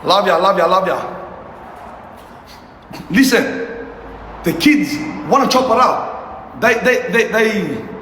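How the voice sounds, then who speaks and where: A young man with an unusually high voice, talking in a passionate, profane, repetitive rant on a livestream. His voice rings through a room with long reverb. A faint noise sits under the recording. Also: animated, takes it slowly, pauses often, a bit bright. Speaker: youth mentor livestreaming.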